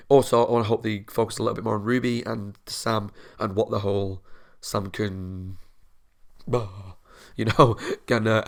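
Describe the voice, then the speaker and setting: Young male reaction host, low gravelly voice, earnest and rambling, talks to viewers from home. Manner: earnest, rambling, laughs often. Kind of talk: casual chat to viewers.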